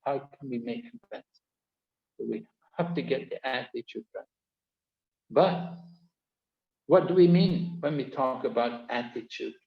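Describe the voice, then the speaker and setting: A man's voice: mid-range voice, lively intonation, unhurried, pauses often. A man teaching an online course, explaining points earnestly and repeating key phrases. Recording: echoey, dull-toned video call audio.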